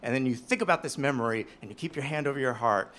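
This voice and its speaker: A man in his thirties telling a self-deprecating story on stage, animated and swinging between loud and hushed. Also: medium pitch, fast. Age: 30s. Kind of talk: live storytelling performance.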